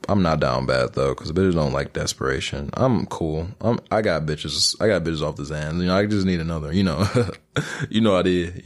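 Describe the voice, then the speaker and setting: A young man from Michigan hosting a casual solo podcast, rambling and joking in crude slang. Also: extremely low pitch. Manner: breaks into silly freestyle rap bits. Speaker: podcast host.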